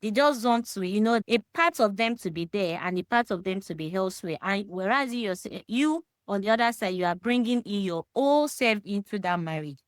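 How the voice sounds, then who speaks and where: A woman's voice: medium pitch, fairly quick, few pauses, dry recording. Emphatic Nigerian woman, dry close voice. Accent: Nigerian, Yoruba. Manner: emphatic, animated, talks straight to the listener; mixes Yoruba phrases into English. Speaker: podcast discussion guest. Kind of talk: casual faith-centred discussion.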